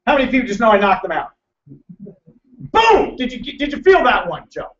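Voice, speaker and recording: A man presenting a financial seminar to a live audience, loud, emphatic and hectoring as he teases the crowd. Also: sits high, expressive, fast talker. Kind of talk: motivational seminar lecture. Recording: echoey, distant, dull room recording.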